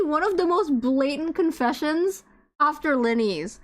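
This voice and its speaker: A young woman streaming a video game, reacting with excitable, dramatic outbursts. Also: high voice, unhurried. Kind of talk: live game commentary.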